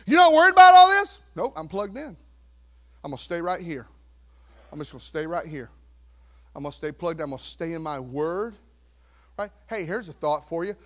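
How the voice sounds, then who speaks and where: A pastor preaching a sermon, swinging from quiet asides to loud exhortation and acting out worried churchgoers. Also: male voice, on the high side, normal speed, long pauses. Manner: acts out worried churchgoers in quoted voices.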